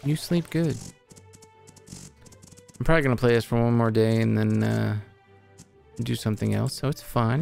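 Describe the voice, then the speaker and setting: Young male streamer, gravelly, chatty and foul-mouthed while he plays. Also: medium pitch, steady tone, moderate pace, pauses often, a little mellow, faint music behind. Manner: chatty, profane, talks to chat. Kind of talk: casual live gameplay commentary.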